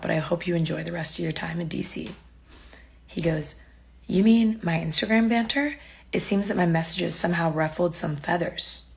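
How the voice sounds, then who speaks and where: A woman's voice: on the low side, vocal fry, husky. A young woman casually telling a dating story to camera, wry and exasperated, reading out the texts she got.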